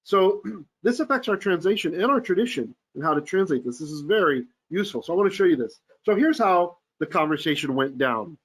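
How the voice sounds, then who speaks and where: A man's voice: fairly high pitch, lively intonation, brisk, a bit bright. A man teaching a verse-by-verse Torah class, reading Hebrew aloud and then explaining it eagerly, often checking in with his listeners.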